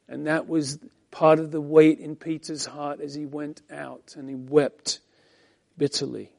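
High, mellow-voiced male preacher. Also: a little slow, creaky. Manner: expressive preaching, swinging between emphatic and hushed. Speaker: pastor. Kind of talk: Bible-teaching sermon.

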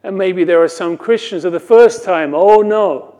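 Fields: Sex: man. Role: pastor. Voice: warm, fairly high. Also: moderate pace. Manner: earnest preaching, dry self-mocking asides. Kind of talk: sermon.

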